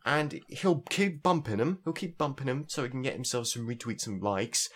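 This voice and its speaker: A man's voice: mid-range voice, normal speed, a bit bright. A young man from southeast England with a southern English accent, co-hosting a casual podcast chat, swearing freely and ranting in fits and starts. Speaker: podcast co-host.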